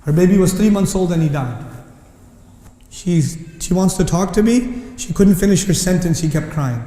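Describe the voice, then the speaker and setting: A man's voice: high-pitched, animated, normal speed, mellow. A man preaching a passionate sermon, building to indignant questions and quoting Arabic verses. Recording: echoey hall with long reverb.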